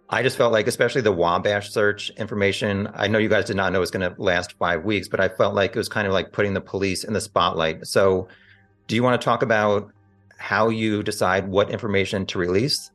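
A man hosting an interview, asking frank, measured questions in a casual tone. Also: lowish voice, a bit bright.

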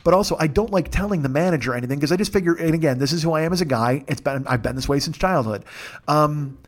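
A man's voice: fairly high pitch, fast talker. A middle-aged man hosting a comedy podcast, ranting through a long profane story with self-mocking asides.

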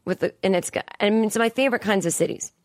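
A woman's voice: medium pitch, quick pace, no room sound, studio quality. Exasperated, profane woman in her forties. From Boston area. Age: 40s. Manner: profane, exasperated rant with frequent emphatic rises. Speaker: comedian podcast host. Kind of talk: casual monologue. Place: studio. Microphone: studio mic.

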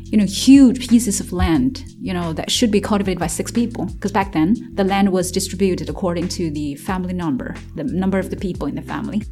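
Faint music sits behind this interview in which a woman from China tells of her childhood. She talks briskly with few pauses in a lowish, mellow voice, using many fillers and restarts and occasionally laughing as she describes hard times.

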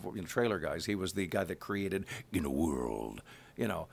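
Speaking quickly with vocal fry and a low register, a middle-aged Kansas City, USA voice actor chats casually in an interview. His delivery is animated, and he drops into character voices partway through sentences.

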